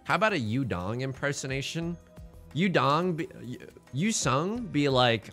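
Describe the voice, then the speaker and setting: A man's voice: mid-range voice, very animated, moderate pace, fairly bright tone, soft background music. A male streamer giving casual, joking commentary on his game and reading chat in a playful, self-mocking way.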